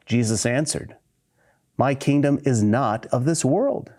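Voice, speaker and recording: A male preacher delivers a sermon with a mellow, darker tone. He reads scripture aloud and explains it earnestly, leaning into key words with a lift in pitch. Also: measured pace.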